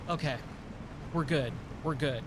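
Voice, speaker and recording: A tired, hoarse man chatting casually while live-streaming a game, rambling and repeating words. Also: a little high, slow, noisy background.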